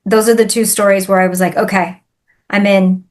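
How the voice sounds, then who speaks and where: A woman, a spiritual healer, telling a personal story in a podcast interview in an animated, emphatic way. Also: mid-range voice, moderate pace.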